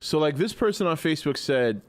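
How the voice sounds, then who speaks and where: A man's voice: fairly high pitch, expressive, fairly quick, no echo. A man hosting a casual live stream in a groggy, just-woken voice, rambling and opinionated as he answers chat and swears freely. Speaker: livestream host.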